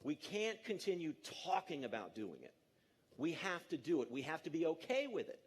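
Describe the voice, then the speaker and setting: A man in his fifties giving a lively, jokey conference talk to an audience in a large auditorium, coaxing the crowd along. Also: a little high, normal speed, breathy edge. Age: 50s. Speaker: speaker.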